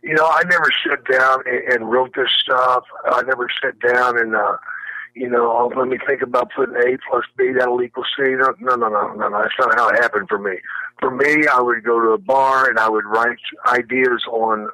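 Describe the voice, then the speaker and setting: An older man, telling stories in a casual interview, acting out quotes with big jumps in pitch and laughing through them. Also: steady tone, moderate pace, sharp tone, dry recording, poor audio. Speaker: guest, retired wrestler.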